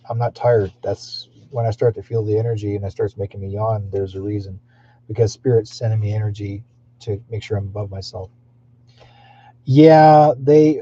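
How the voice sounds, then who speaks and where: Very dark-voiced rambling male streamer. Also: medium pitch, a little hiss or hum. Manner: meandering, with frequent fillers and restarts. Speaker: psychic livestream host. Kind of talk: rambling live-stream talk. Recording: dull lo-fi stream audio.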